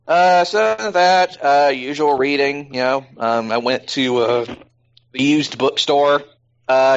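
A man's voice: mid-range voice, dull audio. A man hosting a podcast in casual chat, rambling with plenty of fillers. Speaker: podcast host.

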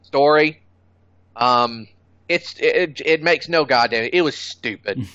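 A man in casual conversation, bluntly opinionated and quick to swear. His voice is bright and forceful, close and dry. The recording has a somewhat dull, lo-fi sound. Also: mid-range voice, no echo. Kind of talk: casual chat.

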